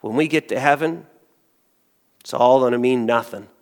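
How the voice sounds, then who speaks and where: Preacher in a reverberant hall. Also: male voice, mid-range voice, normal speed. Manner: swings from hushed to loud exclamations. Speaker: pastor. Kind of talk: sermon.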